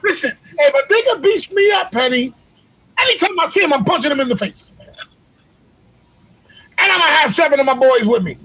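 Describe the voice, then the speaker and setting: A man's voice: very high-pitched, lively intonation, a little fast, pauses often, pushed and bright, no echo, low-quality recording. A man hosting a casual video-call chat, telling profane, boisterous stories. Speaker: host.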